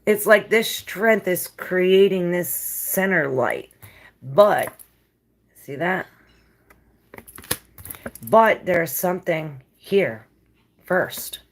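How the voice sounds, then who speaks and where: A woman's voice: fairly low pitch, expressive, very slow, long pauses. A woman giving a casual tarot reading, musing and rambling in a dreamy way with many fillers. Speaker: tarot reader.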